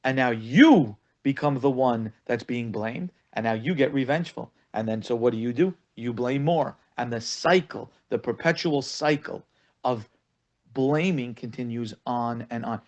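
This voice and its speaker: An animated man teaches a lesson on marriage as a rabbi, his voice in the middle range. He tells stories and acts out the voices of the people he quotes. He repeats words to drive a point home. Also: medium pitch, a little slow, dull audio. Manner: animated storytelling, acting out quoted callers. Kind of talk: spoken lesson.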